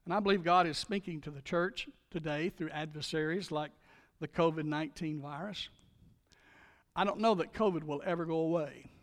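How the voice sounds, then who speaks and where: A man with a high voice preaches a sermon from the pulpit. He surges into loud, driving calls and then sinks to hushed, earnest appeals. His voice rings with the long reverb of a large church hall. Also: moderate pace. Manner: dynamic preaching, swings from shouts to hushed appeals. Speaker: pastor.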